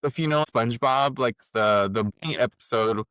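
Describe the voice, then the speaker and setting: Male co-host, mid pitch, loose rambling storyteller, dry close recording. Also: moderate pace, a bit bright, clean tone, no room sound. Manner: rambling, heavy on "like", laughs often. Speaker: podcast co-host. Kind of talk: casual chat.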